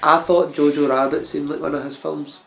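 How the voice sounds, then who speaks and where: A man's voice: a little high, little pitch movement, moderate pace, vocal fry, soft background music. A young man, co-hosting a podcast in casual, blunt and sweary chat. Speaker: podcast co-host.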